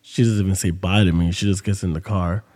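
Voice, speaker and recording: A man's voice: low voice, fairly even intonation, fast talker, mellow, big-room sound. A man hosting a podcast, telling a story in casual monologue with loose, profane street talk. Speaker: podcast host.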